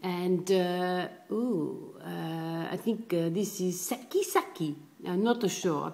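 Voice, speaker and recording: A woman's voice: medium pitch, close to an everyday voice. A woman voicing a stuffed toy dog who is prim and indignant about table manners, narrating in a chatty way. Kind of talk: comic puppet narration.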